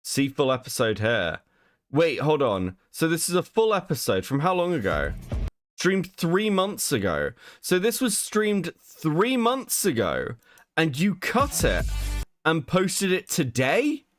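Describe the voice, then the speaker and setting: A man's voice: a little high, takes it slowly, soft background music. A man co-hosting a podcast in casual chat, talking in an incredulous way and swearing often. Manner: animated, incredulous, swears a lot. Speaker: podcast co-host. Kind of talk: casual chat, reacting to a video.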